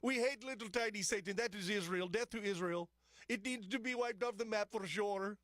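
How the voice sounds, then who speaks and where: A radio host doing a blustering Iranian strongman with a put-on Persian accent. The voice is higher than the host's normal speech and has a strained, altered tone. It is a comic talk-radio caricature that barks threats with a bullying swagger. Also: normal speed, a bit bright, dry recording, studio quality. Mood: menacing. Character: blustering male Iranian leader, menacing and absurd.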